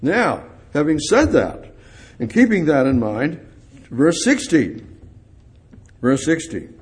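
A man's voice: a little high, sing-song, takes it slowly, pauses often, husky. A man preaching a sermon, speaking in the voices of the people in the passage and building to emphatic, rising peaks.

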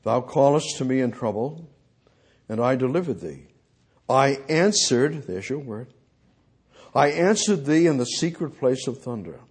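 Man, preacher, husky voice, sermon, loud pleading then hushed, slow scripture reading, questions to the congregation. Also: medium pitch.

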